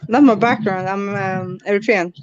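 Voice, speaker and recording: A man from Sweden with a Swedish accent, talking softly and in a laid-back way in a casual panel chat. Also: high voice, fairly even intonation, normal speed, muffled recording, background noise. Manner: soft, laid-back talk.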